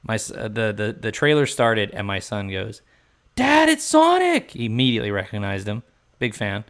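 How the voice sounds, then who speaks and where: A man in his thirties with a slightly low voice co-hosts a casual movie podcast. He is chatty and laughs easily, running through box office numbers and stories about his son in a relaxed way. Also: brisk, clean tone. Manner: chatty, laughs often, retells his son's reactions. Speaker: podcast co-host.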